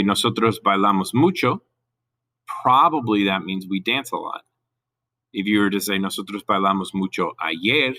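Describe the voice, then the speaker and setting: A man with a lowish, bright and forward voice walks through a Spanish grammar lesson. He explains patiently and moves between English and Spanish. The recording is close and dry. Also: no echo. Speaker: Spanish teacher.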